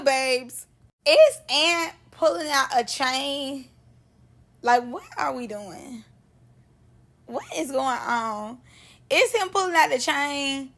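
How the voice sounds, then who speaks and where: A woman giving casual reaction commentary on a reality show, animated and slangy, laughing often between remarks. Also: sits high, takes it slowly, long pauses.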